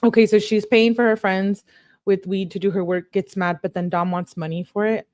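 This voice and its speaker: A woman's voice: medium pitch, fairly even intonation, moderate pace, darkish tone, no room sound, clean studio sound. A woman hosting a casual commentary, reading text messages aloud, chatty and sarcastic, breaking into laughter often. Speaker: true crime channel host.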